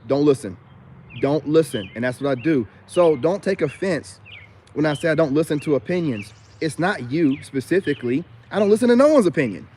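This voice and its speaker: Man, high-pitched voice, boastful, defiant, rambling rant, outdoors. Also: expressive, brisk, darkish tone, a little hiss or hum. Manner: repeats filler asides often. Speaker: self-styled life coach vlogger. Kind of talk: unscripted rant to camera.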